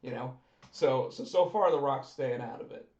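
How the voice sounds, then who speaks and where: A man co-hosting a casual chat podcast, lively and animated, often acting out what others said in quick bursts. His voice sits in a middle range and sounds dull and lo-fi, recorded in a roomy, echoey space. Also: mid-range voice. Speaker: podcast co-host.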